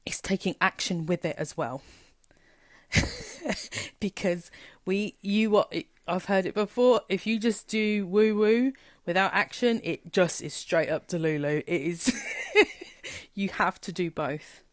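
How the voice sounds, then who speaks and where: Low-voiced frank spiritual coach woman. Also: measured pace, no echo, clean studio sound. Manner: frank and emphatic, swears freely, animated quoting. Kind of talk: candid motivational talk.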